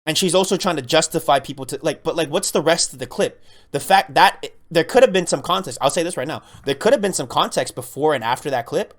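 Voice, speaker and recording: A man's voice: a little high, lively intonation, fast talker. A man co-hosting a podcast in a casual, curious way, often chiming in with agreement. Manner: laid-back, curious, agrees with lots of yeps and that's what I'm saying. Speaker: podcast co-host.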